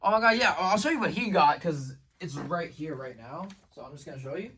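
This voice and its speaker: A man recapping his day in a casual vlog, rambling and excitable, with lots of fillers and restarted sentences. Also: on the high side, brisk, breathy edge, distant mic. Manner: rambling, filler-heavy, says "like" and "bro" constantly. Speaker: vlogger.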